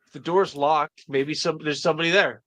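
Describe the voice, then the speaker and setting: A man's voice: fairly high pitch, fairly even intonation, a little fast, fairly bright tone, no echo. A man guest in a casual chat, eagerly explaining and tripping over his words. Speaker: fan editor, guest.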